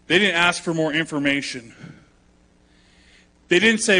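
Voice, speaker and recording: A man's voice: a little high, a little slow, pauses often, pushed and bright. A man preaching a sermon in a conversational, emphatic way, acting out quotes as he goes. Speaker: pastor.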